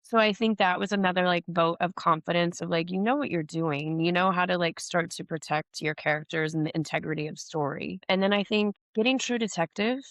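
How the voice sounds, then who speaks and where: Woman telling career stories, low and dry. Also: brisk, few pauses, no room sound. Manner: animated anecdotes with many "like" fillers and acted-out quotes. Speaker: actress and podcast host, interview guest. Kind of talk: candid career interview, storytelling.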